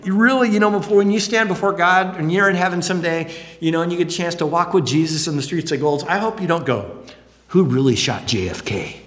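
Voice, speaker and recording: A male pastor preaching a sermon in an earnest, conversational way, swinging between high emphatic phrases and low quiet ones. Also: quick pace, hardly any pauses. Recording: long hall reverb.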